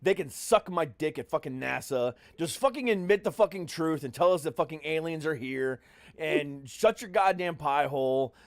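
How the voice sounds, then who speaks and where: A man's voice: on the high side, moderate pace, dry recording. A man hosting a podcast, swearing constantly and ranting with great energy in casual chat. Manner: profane, animated ranting. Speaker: podcast host.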